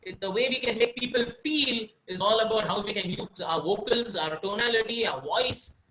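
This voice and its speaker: Guy from india teaching a webinar, fairly high voice, leans on pauses and emphasis. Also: slight background noise, low-quality recording. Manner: expressive, varies pauses and emphasis for effect. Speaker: webinar speaker, success coach. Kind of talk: online presentation training.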